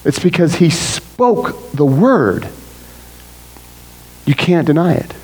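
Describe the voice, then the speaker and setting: Animated man preaching a casual sermon. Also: on the high side, takes it slowly, husky, low-quality recording. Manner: animated, frequent "right?" asides. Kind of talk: conversational sermon.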